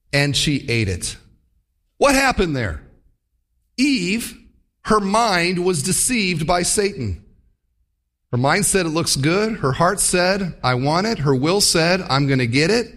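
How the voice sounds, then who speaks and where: A man preaching a sermon, telling stories and acting out what the characters think, swinging his voice high and low. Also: fairly bright tone. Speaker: pastor. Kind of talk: sermon with storytelling.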